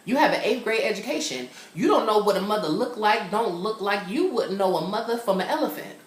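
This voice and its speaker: A young man from California, sassy and animated, casually recapping a TV episode and acting out the characters. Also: sits high, a little fast. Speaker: TV show reviewer. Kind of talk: casual chat. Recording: roomy echo.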